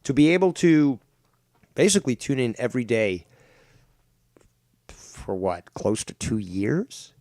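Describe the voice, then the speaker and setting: A man's voice: medium pitch, a little slow, pauses often, no echo, clean studio sound. A man hosting a livestream show, talking casually, rambling and swearing. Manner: rambling, profane, animated.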